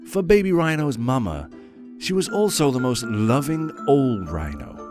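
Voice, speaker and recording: Theatrical male storyteller with lively pitch. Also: measured pace, over music. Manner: theatrical, old-fashioned inverted phrasing. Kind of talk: scripted story narration.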